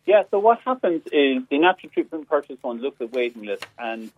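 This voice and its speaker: A man, a doctor, calmly explaining things as a radio interview guest. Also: mid-range voice, fairly quick, breathy edge, no room sound. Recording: dull lo-fi line.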